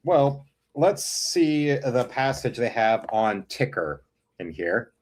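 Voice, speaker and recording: A man's voice: mid-range voice, very animated, slow, a little mellow. A man hosting a casual stream, cracking jokes and reading a film review aloud. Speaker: host of an art stream.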